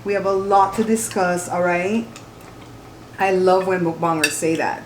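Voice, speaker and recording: A talkative mukbang host speaks directly to her audience as she eats at her home dining table. She has a lowish, fairly even voice and takes her time, and the table-mounted camera catches background noise, clattering dishes, and a roomy echo.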